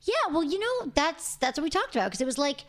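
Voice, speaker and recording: Fast, lively woman podcast host. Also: sits high. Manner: animated, chatty storyteller. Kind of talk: casual podcast chat.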